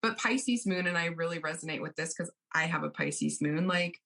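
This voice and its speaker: A woman guest, an astrologer, chatting casually and expressively in an interview, quick to laugh. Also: deep voice, gravelly. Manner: animated and expressive, quick to laugh and act out others.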